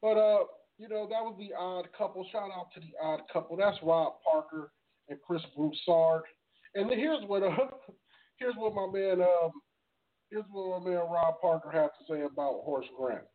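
A man's voice: sits high, moderate pace. A man hosting a casual sports podcast, laid-back and slangy, introducing clips. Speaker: podcast host. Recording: phone-like podcast audio.

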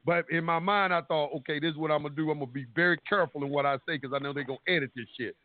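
A high-voiced man calls a call-in show and tells a long, animated story at a very fast pace, acting out the other people's lines himself and swearing freely. The recording is dry and tinny, like a phone line.

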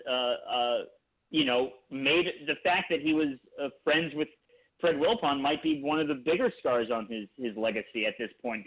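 A man co-hosting a podcast in casual chat, rambling through long points with frequent restarts. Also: medium pitch. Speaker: podcast co-host. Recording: tinny phone-like line.

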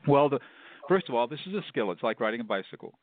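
A man's voice: medium pitch, very animated, fast. A middle-aged man, a mediator being interviewed, explaining his methods in an earnest way and restarting phrases often. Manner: earnest, explanatory, repeats words when restarting. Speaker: mediator, guest. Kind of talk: interview answers. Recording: dry phone-like line.

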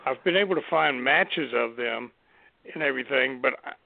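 A man's voice: mid-range voice, moderate pace, creaky, dry recording. A man co-hosting a casual chat show, rambling with frequent restarts and easy laughs. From Southern United States. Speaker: co-host. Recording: tinny phone line.

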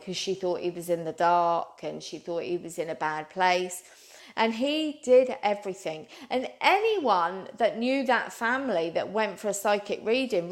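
A woman, a psychic medium, telling a long story in an earnest, rambling way and calling her listeners "guys". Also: medium pitch. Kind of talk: animated storytelling.

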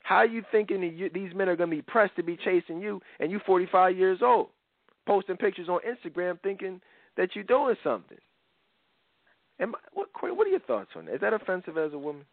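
A man's voice: sits high, animated, fairly quick, no room sound. Blunt slangy male radio host. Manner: blunt and rambling, heavy slang, many restarts. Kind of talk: casual radio talk. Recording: dry tinny phone-line radio sound.

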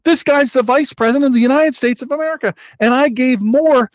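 The host of an online broadcast talks fairly quickly in an echo-free recording. His political commentary is heated and emphatic, full of repetition and sharp pitch jumps.

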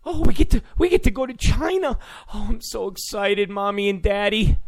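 A man mockingly putting on the voice of a giddy, self-important young woman reporter in a gushing falsetto. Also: lively intonation, normal speed, dry recording, clean studio sound.

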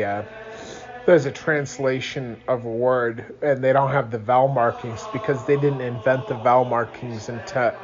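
A tired young man reads aloud at an unhurried pace, yawning and drifting off topic. The recording is slightly dull, with faint music behind him. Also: mid-range voice. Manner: tired, yawning, rambling asides. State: sleepy. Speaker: reader of a religious book. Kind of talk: reading aloud with casual asides. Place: home, early morning.

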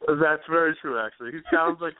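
A man with a voice on the high side and some vocal fry talks at a quick pace as a radio co-host. His casual chat is rambling and hesitant, full of fillers. The recording is dry and tinny, phone-like.

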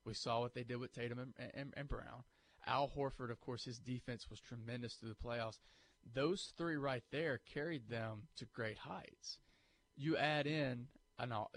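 A man co-hosting a sports talk radio show, arguing his case and acting out listener objections. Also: mid-range voice. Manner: animated, argumentative, acts out imagined listener objections.

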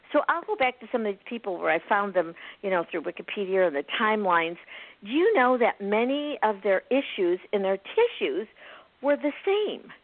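A woman healer is interviewed and tells animated stories, laughing and acting out the people she quotes. Her voice is mid-range, recorded dry with a narrow, phone-like sound.

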